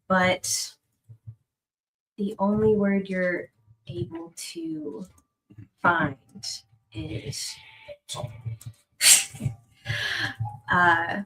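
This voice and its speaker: Slow-speaking woman game master. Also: medium pitch, expressive, a bit bright, low-quality recording. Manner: chatty, laughs often, drops to a whisper for suspense. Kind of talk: narrating a tabletop game.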